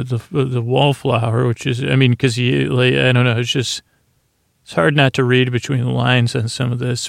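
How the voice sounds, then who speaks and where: A man hosting a podcast, softly recapping a TV episode at bedtime in a meandering way that is full of restarts. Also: gravelly, no room sound, clean studio sound. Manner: soft, low-key delivery. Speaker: podcast host.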